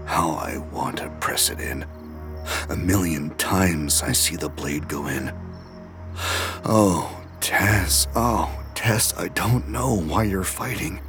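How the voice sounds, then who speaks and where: An actor playing a delusional young male killer, narrating his hushed, obsessive inner monologue in an audio drama. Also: low voice, slow pace, over music. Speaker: first-person narrator.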